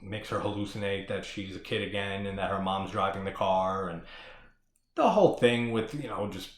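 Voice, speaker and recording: Man, low voice, casual spoiler chat, profane and rambling, echoey room. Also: moderate pace. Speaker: horror movie podcast host.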